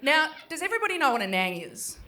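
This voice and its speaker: Bright-voiced Australian woman doing stand-up. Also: high voice, very animated. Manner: conversational, swears freely, acts out her kids in quick voices. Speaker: stand-up comedian. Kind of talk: stand-up comedy set. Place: small pub stand-up venue.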